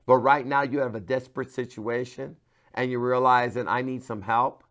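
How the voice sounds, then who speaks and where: A man, a pastor, giving a devotional sermon to camera, moving from hushed, earnest talk to loud, pleading cries. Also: mid-range voice, steady tone, normal speed. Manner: passionate, swings from hushed to loud cries when quoting.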